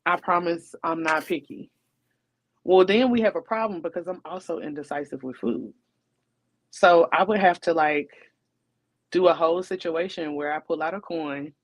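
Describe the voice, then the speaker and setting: A woman co-hosting a casual relationship podcast, talking in a chatty, rhetorical way and often checking in with her listener. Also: fairly low pitch. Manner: chatty, rhetorical, keeps asking "you know what I'm saying". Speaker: podcast co-host.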